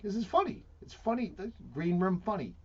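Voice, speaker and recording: A man's voice: high-pitched, animated, a little fast, darkish tone. Sardonic man telling dry stories. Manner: dry, sardonic, profane storytelling. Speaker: comedian guest. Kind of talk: casual interview chat. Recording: dull lo-fi broadcast audio.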